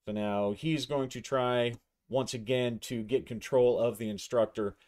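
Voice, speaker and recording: A man narrating his own solo tabletop game, describing a fight and the dice rolls as he goes. He speaks slowly and thinks aloud, with a mid-range voice. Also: medium pitch, fairly even intonation, a little mellow.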